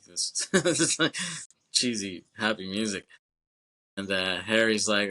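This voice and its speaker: A man's voice: on the low side, steady tone, normal speed, bright, forceful tone. A man co-hosting a podcast, casually retelling a film's plot in a loose, rambling way, swearing and laughing often. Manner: loose, rambling retelling with fillers and acted quotes. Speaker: podcast co-host. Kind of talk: casual film recap chat.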